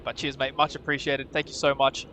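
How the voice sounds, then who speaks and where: A man with an Australian accent giving relaxed live commentary on planes at an airport and chatting with viewers. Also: medium pitch, brisk, slight background noise. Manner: relaxed, chatty, thanks viewers, frequent uh fillers. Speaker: co-host of a plane-spotting livestream. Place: outdoors at an airport car park.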